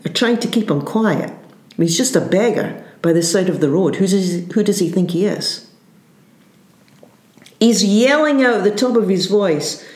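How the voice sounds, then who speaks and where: A woman preaches a sermon at an unhurried pace, earnest and searching, circling back to rephrase her points. Her voice sits low for a woman. The room around her is echoey and reverberant. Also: darkish tone. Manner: earnest, searching, restarts phrases. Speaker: pastor.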